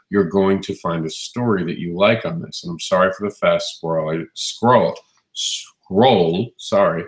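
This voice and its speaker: A very low-voiced man hosts a live show, hoarse and a little growly because his voice has not yet recovered. He talks with eager enthusiasm, often restarting his sentences. He speaks close to a phone mic in a room with a noticeable echo. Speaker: host. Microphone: phone mic, standing close.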